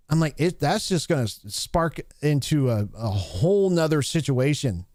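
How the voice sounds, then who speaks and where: A man's voice: a little high, sing-song, moderate pace, few pauses, a little mellow, no room sound, clean studio sound. A man giving blunt, profane opinion commentary on a livestream, rambling with many restarts.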